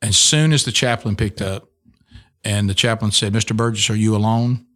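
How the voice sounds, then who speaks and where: A man's voice: fairly low pitch, steady tone, normal speed, fairly bright tone. A middle-aged man, a radio host telling an emotional personal testimony in an earnest way, full of restarts. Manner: earnest storytelling with many restarts.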